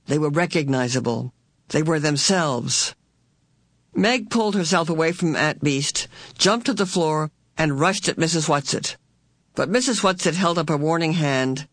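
A woman narrating an audiobook chapter in a steady, even storytelling voice. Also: deep voice, no room sound. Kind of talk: scripted narration.

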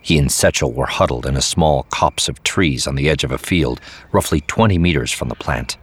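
Very deep, husky male narrator. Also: normal speed. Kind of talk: scripted audiobook narration.

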